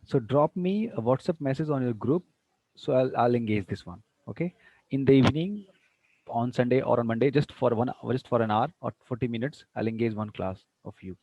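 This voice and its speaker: Male teacher giving an online class, unhurried and repetitive, dry and slightly muffled. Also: mid-range voice, warm tone, dry recording. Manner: unhurried, repeats words while planning. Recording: dull lo-fi sound.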